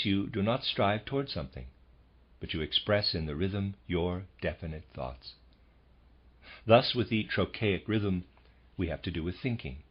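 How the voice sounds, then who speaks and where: A man with a very low, slightly husky voice reads a lecture in a measured, formal way. The audiobook sound is a little dull and lo-fi. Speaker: audiobook narrator. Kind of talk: scripted audiobook reading of a lecture.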